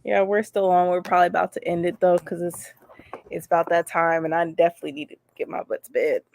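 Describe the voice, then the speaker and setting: A woman's voice: fairly low pitch, fairly even intonation, fast talker, a little mellow, slight background noise. A woman chatting lightly on a video call, talkative and easygoing. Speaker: reading sprint guest. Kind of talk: casual group chat.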